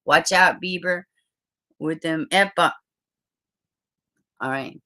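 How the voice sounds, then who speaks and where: A woman with a drawl hosts a true crime livestream, her voice bright and clear. She talks loosely to her chat and breaks into swearing rants. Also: sits low, slow. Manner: frustrated, swearing, ranting.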